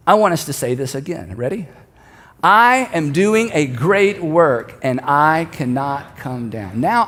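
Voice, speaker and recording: A middle-aged man preaching a sermon as a pastor, talking in a conversational way that builds to emphatic repeated lines. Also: on the high side. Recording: long hall reverb.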